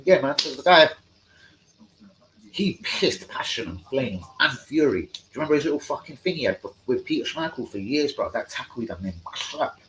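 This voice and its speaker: A man hosting a live stream, rambling through football fan chat with heavy swearing and excitable outbursts. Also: on the high side, a little hiss or hum, low-quality recording.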